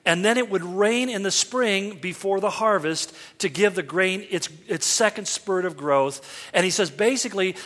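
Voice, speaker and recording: A man's voice: sits high, animated, normal speed, a bit bright, big-room sound. A man preaching a sermon in an earnest way, quoting lines and asking the listeners rhetorical questions. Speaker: pastor.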